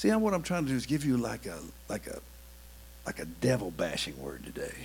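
A man preaching a sermon, swinging between quiet, confiding talk and loud, shouted preaching. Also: medium pitch, wildly swooping pitch, fairly quick, slight background noise.

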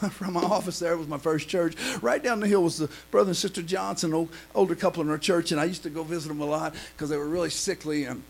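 A pastor preaching a fervent sermon, filling pauses with "uh" and swinging between loud cries and hushed storytelling. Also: male voice, fairly high pitch, vocal fry, low-quality recording.

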